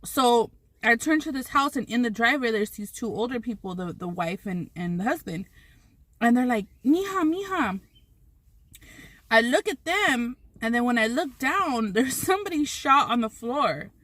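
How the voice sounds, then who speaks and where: Woman vlogger with a slightly high voice, rambling and profane storytelling while eating, dry close-up sound. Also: lively intonation, moderate pace, a bit bright, no echo. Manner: rambling, swears freely, many restarts.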